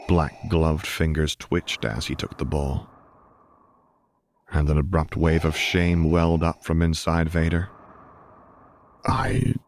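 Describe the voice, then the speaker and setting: A man reading a fan fiction audiobook in a calm, measured, soft voice. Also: very deep voice, a little hiss or hum. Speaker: narrator.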